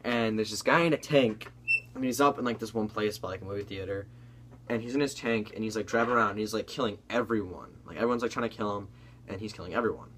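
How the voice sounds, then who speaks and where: A man's voice: lowish voice, quick pace, a bit bright, slight background noise. Young man rambling through a story. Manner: rambling storyteller, many fillers, swears. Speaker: co-host. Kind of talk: casual comedic chat.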